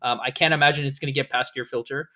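A man's voice: mid-range voice, steady tone, fast, sharp tone. Rambling, laughing male podcast host. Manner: rambling, swearing, laughs often. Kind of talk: casual podcast chat.

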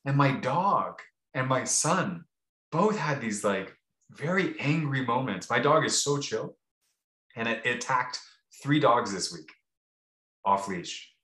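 A man's voice: medium pitch, animated, slow pace, bright, forceful tone. A man co-hosting a podcast, telling a rambling, casual story with many restarts and fillers. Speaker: podcast co-host. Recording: roomy echo.

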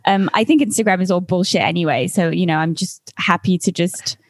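A woman's voice: lowish voice, fairly quick, dry recording. A woman from England, hosting a podcast in casual chat, blunt and opinionated, swearing and filling with "like". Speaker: podcast host.

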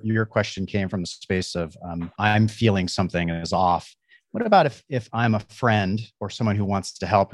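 A man with a very deep voice co-hosts, asking follow-up questions in a thoughtful way. He pauses to search for words, and his voice sounds dry and close. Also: dry recording. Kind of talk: casual interview talk.

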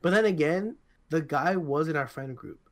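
A man's voice: a little high, expressive, moderate pace. Tired, rambling young man on a podcast. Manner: rambling and profane, with frequent restarts. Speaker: podcast co-host. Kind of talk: casual chat.

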